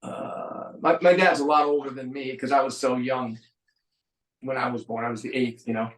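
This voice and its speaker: A man's voice: mid-range voice, normal speed, echoey room, poor audio. A middle-aged man from San Francisco, a musician guest, chatting casually with a dry sense of humor and plenty of ums. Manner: relaxed storyteller, dry humor, frequent ums. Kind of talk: casual interview chat.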